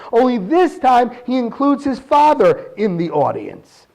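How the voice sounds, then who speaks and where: A man giving a weekly Torah talk, reading verses in Hebrew and asking pointed questions in an animated way. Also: very high voice, measured pace, creaky. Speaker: Torah teacher.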